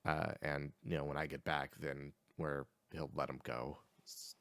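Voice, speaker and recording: A man voicing a young male satyr who drags heavy stones, sulky and complaining, with halting, stumbling speech. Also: very deep voice, flat delivery, a bit bright, dry recording, pitched below the performer's own voice, full character voice. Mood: fretful.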